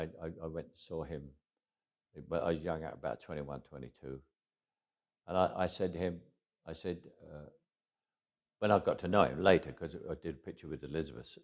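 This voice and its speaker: Deep-voiced older London man reminiscing. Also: brisk, a little mellow. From England. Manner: anecdotal, wry, with restarts and quoted dialogue. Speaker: interviewee. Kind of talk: casual interview storytelling.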